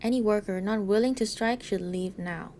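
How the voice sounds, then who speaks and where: A woman's voice: mid-range voice, normal speed, darkish tone, slight background noise, natural voice. A woman doing a firm strike leader. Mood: defiant. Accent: Mexican Spanish accent put on. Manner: firm, commanding speech. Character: defiant strike leader rallying miners. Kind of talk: reading game dialogue aloud.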